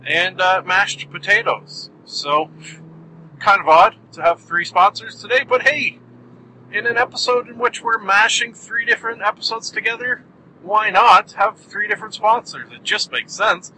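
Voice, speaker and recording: Male podcast host, solo show: very bright, tense tone, slightly high voice, joking and self-mocking, faint noise behind. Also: moderate pace, low-quality recording. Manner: playful and self-mocking, with jokey asides.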